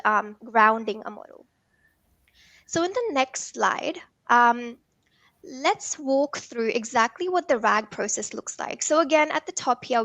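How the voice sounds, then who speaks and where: A woman's voice: fairly high pitch, sharp tone, no room sound. A woman presenting a technical workshop, explaining step by step with many um and uh fillers.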